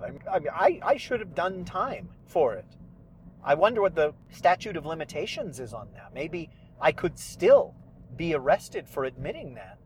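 A man's voice: on the high side, slight background noise. A middle-aged man hosting a podcast, talking casually and rambling with self-deprecating asides, from a parked car. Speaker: podcast host and fiction writer. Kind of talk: casual solo monologue.

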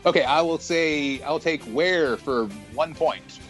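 A man playing as a contestant in a podcast quiz, joking and buzzing in with a quick word. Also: a little high, fairly bright tone, soft background music. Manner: jokey, buzzes in with a quick "hey". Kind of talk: casual podcast banter.

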